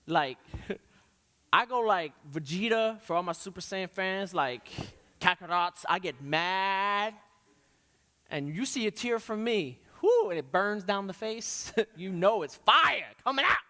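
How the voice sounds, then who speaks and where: A man preaching a youth sermon with passion, swinging between quiet, reflective stretches and loud, rising questions. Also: high voice, expressive, takes it slowly. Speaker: youth pastor. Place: church hall. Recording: long hall reverb.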